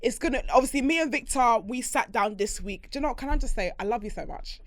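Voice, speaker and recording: A woman co-hosting a podcast, telling stories in casual chat, animated and quick, swearing and laughing often. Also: fairly high pitch, no echo, clean studio sound. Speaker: podcast co-host.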